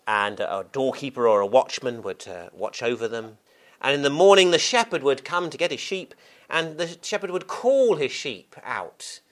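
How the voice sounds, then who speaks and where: A man preaching a sermon, unhurried and earnest, often restarting and repeating words as he explains scripture. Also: medium pitch, expressive, fairly bright tone.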